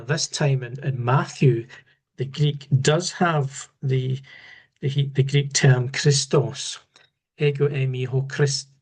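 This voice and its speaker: Man, Bible teacher, slow deliberate delivery, frequent restarts, unscripted study talk. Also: medium pitch, darkish tone. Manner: measured, halting, with repeated restarts.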